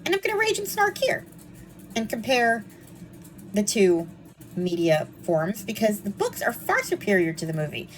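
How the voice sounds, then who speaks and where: A young woman talks through a book review in a casual, snarky way, full of ums and quick asides. Her pitch jumps around a lot as she gets worked up. A faint background hiss sits under her voice. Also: rough recording. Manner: animated, snarky and chatty, with frequent ums.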